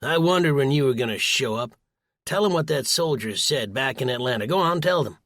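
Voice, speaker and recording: A man voicing a gruff, loud older male prepper who rants and shouts in an audiobook, recorded dry and close. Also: medium pitch, expressive, a little fast, no room sound, natural voice. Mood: goading. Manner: blustering, shouting.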